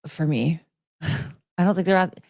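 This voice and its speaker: A young woman rambles through a casual live stream, chatting loosely with her viewers. Her voice sits fairly low, and the sound is dry and close with no room around it. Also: slow pace, vocal fry, darkish tone, dry recording. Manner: rambling, chatty, greets chat viewers by name. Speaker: livestream host.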